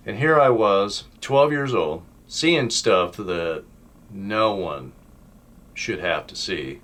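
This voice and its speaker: Lowish-voiced man telling a story. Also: lively intonation, slow. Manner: blunt, colloquial, swings between loud and hushed. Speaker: channel host telling his life story. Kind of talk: casual spoken storytelling.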